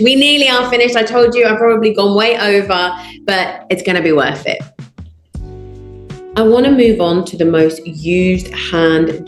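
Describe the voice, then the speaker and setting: A woman with a fairly low voice leads a public speaking lesson at an unhurried pace. She stresses her points in strings of short, punchy phrases. Her voice rings in a roomy space, with faint guitar music underneath. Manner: emphatic, builds lists of short punchy phrases. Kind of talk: online training lesson. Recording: roomy echo.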